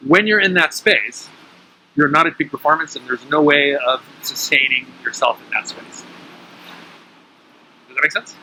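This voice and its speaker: Bright-voiced man coaching breathing. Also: on the high side, slight background noise, low-quality recording. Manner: coaching, often checks in with "right?". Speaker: breathing teacher. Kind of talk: casual instructional talk.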